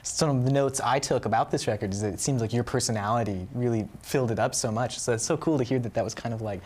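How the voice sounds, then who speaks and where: A man's voice: mid-range voice, quick pace, darkish tone. A man hosting a live interview, asking friendly, enthusiastic questions with lots of fillers. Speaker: interviewer and host.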